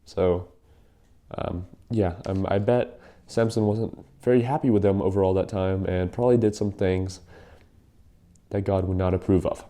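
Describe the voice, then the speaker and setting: A man's voice: deep voice, steady tone, moderate pace, mellow. A young man casually retelling a Bible story in a rambling, slangy way, with lots of fillers.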